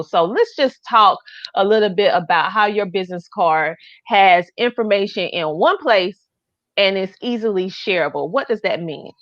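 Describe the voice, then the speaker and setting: A woman's voice: mid-range voice, no echo. Enthusiastic Southern woman hosting. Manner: enthusiastic, effusive. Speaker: host. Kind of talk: live online show hosting. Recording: dull lo-fi dry sound.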